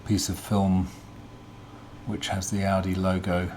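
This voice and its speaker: A man hosting a casual teardown demonstration, talking in a relaxed, hesitant way with frequent ums as he explains. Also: low-pitched, unhurried, slight background noise. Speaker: vlog host.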